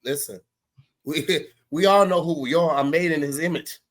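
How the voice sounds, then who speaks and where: A man's voice: a little high, moderate pace. Laid-back man giving mentor-style advice. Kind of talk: casual comedic banter.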